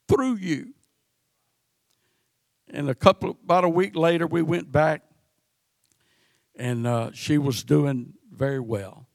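A man's voice: medium pitch, no echo, studio quality. A man preaching a sermon, stumbling and repeating words as he goes. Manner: halting, repeats words often. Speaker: pastor.

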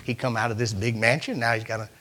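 A man preaching a sermon, swinging from loud, urgent preaching down to hushed, near-whispered asides as he reads and retells scripture. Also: mid-range voice, steady tone, fast talker.

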